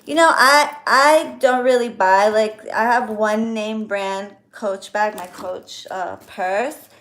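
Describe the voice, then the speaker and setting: Slow-talking effusive woman. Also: medium pitch, fairly bright tone. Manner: effusive, grateful, gushing. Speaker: vlogger opening birthday gifts. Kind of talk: casual chat to viewers.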